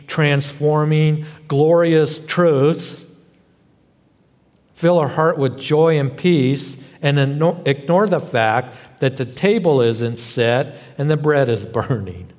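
A man's voice: mid-range voice, a little slow, a little mellow, husky, in a large hall. A man voicing Martha, a flustered, anxious woman busy baking, pleading in an exasperated rising voice.

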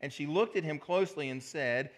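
A male pastor preaches a sermon in a slightly high voice. He walks through the verses in an animated storytelling manner, dramatizing each scene for his congregation. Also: fairly quick.

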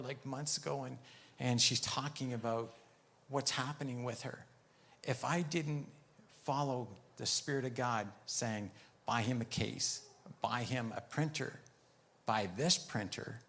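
Male preacher, gravelly, mid-pitched, storytelling sermon delivery. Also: a bit bright. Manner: storytelling with many "I said" asides. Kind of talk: sermon testimony.

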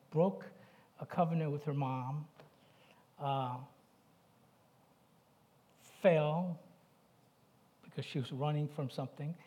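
A man's voice: fairly high pitch, dark tone. A middle-aged man preaching a sermon, talking conversationally and asking the congregation questions. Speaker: pastor.

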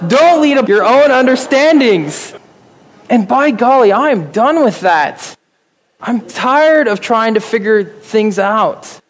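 A man's voice: high voice, big-room sound. A man preaching a sermon, emphatic and asking his listeners questions.

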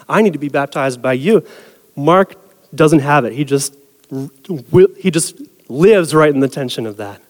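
A man preaching a sermon as pastor in a conversational way, asking the congregation for a show of hands. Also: on the high side. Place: church sanctuary. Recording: long reverb of a large hall.

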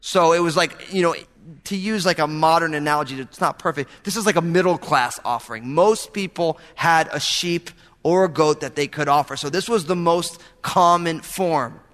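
A pastor preaching a sermon in an earnest, conversational way, with casual asides to the congregation. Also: male voice, on the high side, moderate pace, a bit bright, long reverb tail.

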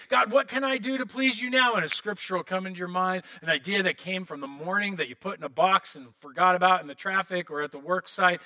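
A high-pitched man in his thirties preaches a sermon as pastor, animated throughout and often acting out prayers and quotes in other voices.

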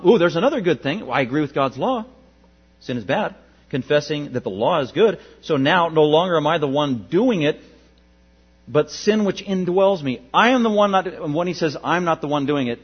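A pastor preaching a sermon with emphatic rises to loud peaks and drops to quiet asides, his voice a bit husky. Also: fairly high pitch. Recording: dull lo-fi with mains hum.

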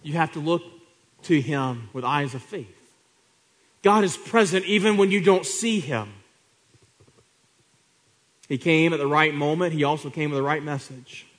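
Man, high voice, sermon, rhetorical questions, hushed to loud swings. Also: a little slow, pauses often. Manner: repetitive, rhetorical questions to the congregation. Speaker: preacher.

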